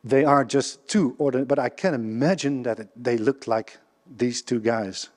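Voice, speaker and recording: A man with a Dutch accent giving a public history lecture, speaking haltingly with many restarts and questions to the audience. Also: medium pitch, darkish tone. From Netherlands. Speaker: guest lecturer. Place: lecture hall before a live audience. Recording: reverberant lecture hall.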